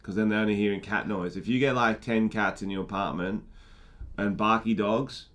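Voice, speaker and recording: A young man hosting a podcast, talking casually and often dropping quiet and laughing. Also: lowish voice, steady tone, normal speed. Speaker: podcast host. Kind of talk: casual chat.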